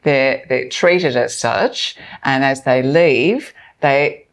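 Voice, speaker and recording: A middle-aged woman, a charity organiser talking as a guest in an interview, earnest and animated as she tells stories. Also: extremely low pitch, slow. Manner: earnest, animated storytelling with laughs.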